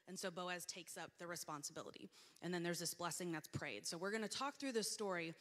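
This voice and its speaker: A woman's voice: on the low side, brisk, fairly bright tone. A woman in her thirties preaching a sermon in a church, reading scripture and telling candid, self-deprecating stories about herself. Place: church sanctuary. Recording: long reverb of a large church hall.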